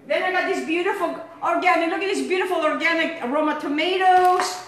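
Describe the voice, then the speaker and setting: A woman's voice: very high voice, a little fast, a bit bright, roomy sound, a little hiss or hum, rough recording. A woman hosting a home cooking show, talking in a chatty, rambling, enthusiastic way as she demonstrates a recipe. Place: home kitchen.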